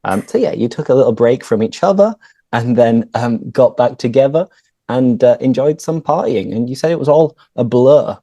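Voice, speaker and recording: A man, a teacher chatting casually with a friend and clearly explaining words and phrases for learners over a video call. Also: medium pitch, expressive, normal speed, warm tone, no room sound. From northern England. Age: 30s. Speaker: English teacher and host. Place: home room, on a video call.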